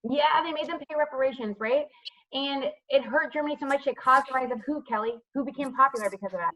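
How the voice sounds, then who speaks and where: A woman's voice: high-pitched, fast, a bit bright, low-quality recording. A woman teaching history over a video call, asking students questions by name and checking with "right?". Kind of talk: online class lecture with questions. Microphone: computer mic on a video call.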